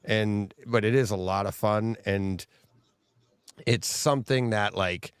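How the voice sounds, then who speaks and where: A man's voice: lowish voice, slow, smooth, dry recording, studio quality. A man co-hosting a podcast in casual chat, telling rambling stories and laughing often mid-sentence. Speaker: podcast co-host.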